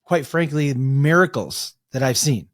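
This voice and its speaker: Man, interview guest, animated storyteller, mid pitch, dry recording. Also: a little slow, no room sound. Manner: animated storyteller, restarts and acts out quotes. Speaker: guest, breathwork coach.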